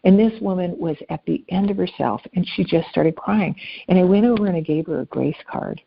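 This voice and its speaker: A woman guest telling personal stories in an earnest, conversational way, dropping softly at tender moments. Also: fairly low pitch, a little fast, creaky, breathy edge, highs cut off. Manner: earnest, anecdotal, speaks softly at emotional moments. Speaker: podcast guest. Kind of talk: conversational storytelling.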